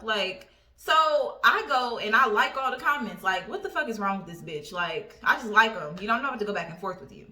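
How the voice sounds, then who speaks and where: Profane young woman telling a story. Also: medium pitch. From Indiana. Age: 20s. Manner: profane, animated, conversational. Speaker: storytime vlogger. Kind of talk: casual storytelling vlog. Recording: roomy echo.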